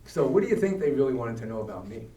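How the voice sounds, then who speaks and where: In a church hall, an older guest speaker from Brooklyn rattles off stories in a quick, mid-range voice and a New York accent, performing everyone else's lines with animation. The recording is poor, reverberant and distant from the microphone.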